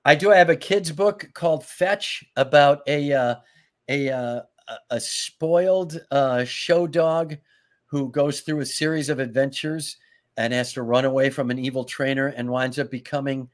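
A man guesting on a talk show, telling comic stories in a lively way, laughing as he goes and acting out lines. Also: mid-range voice, moderate pace. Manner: laughs through his stories, acts out lines. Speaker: guest, comedy writer. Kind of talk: animated anecdotal storytelling.

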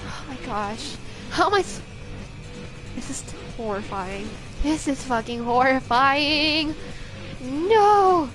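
A woman's voice: sits high, lively intonation, slow, over music. A young woman streaming a game, giving frantic, profane, jittery commentary.

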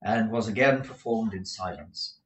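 A man's voice: lowish voice, moderate pace, fairly bright tone, a little hiss or hum, low-quality recording. A man reading a classic novel aloud as an audiobook, often stumbling and restarting words. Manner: frequent restarts and self-corrections. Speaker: audiobook reader.

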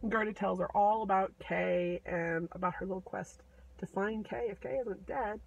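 A woman casually retelling a fairy tale with playful asides and quick voices for the characters. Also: medium pitch, steady tone, vocal fry, slightly rough, lo-fi sound. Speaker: storyteller.

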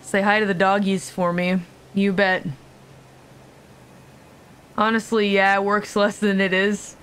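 A woman's voice: medium pitch, level tone, a little slow, a bit bright, smooth. A young woman streaming a video game, chatting casually with her audience, joking around and swearing freely. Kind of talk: casual live-stream commentary.

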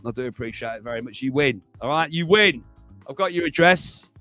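A man's voice: mid-range voice, lively intonation, brisk, sharp tone, faint music behind. A man hosting a livestream, chatting casually to viewers, rambling and laughing as he goes. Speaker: livestream host.

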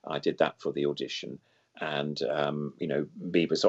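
A man's voice: very deep voice, little pitch movement, moderate pace, gravelly, slightly rough. An older man, a guest puppeteer, reminiscing in an interview, enthusiastic and full of superlatives, wandering off on side paths and back. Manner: digressive, loses then regains the thread. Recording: dull lo-fi sound.

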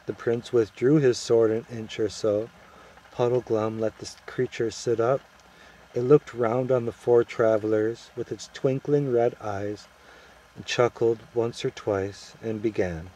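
A man's voice: medium pitch, fairly even intonation, measured pace, warm tone, low-quality recording. Man reading a storybook aloud. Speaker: audiobook reader. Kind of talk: storybook narration.

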